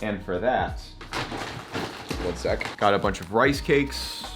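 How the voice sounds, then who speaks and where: A man's voice: on the low side, takes it slowly, over music. A young man vlogging, casually telling a story and acting out both sides of the conversations.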